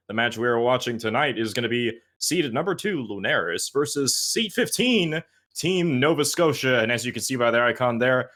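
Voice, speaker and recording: A man's voice: medium pitch, animated, normal speed, a bit bright. Playful esports caster, man. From Canada, Toronto. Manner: playful, joking. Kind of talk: esports match commentary.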